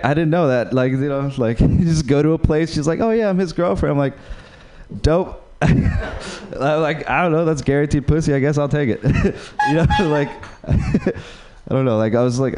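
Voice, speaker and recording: Rambling young comic from Uruguay. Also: male voice, mid-range voice, a little mellow, clear, resonant tone. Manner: rambling, halting delivery full of "like" and self-deprecating laughs. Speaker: stand-up comedian. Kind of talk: stand-up set at an open mic.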